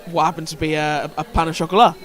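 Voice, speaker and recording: A man's voice: a little high, little pitch movement, quick pace, a bit bright, some chatter behind. A man commentating a sports game, telling a story hesitantly with many fillers and restarts.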